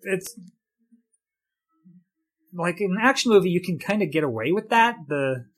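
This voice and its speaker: A man co-hosting a podcast, giving casual film commentary in a rambling, halting way with quick laughs. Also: high voice, expressive, fairly bright tone. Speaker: podcast co-host.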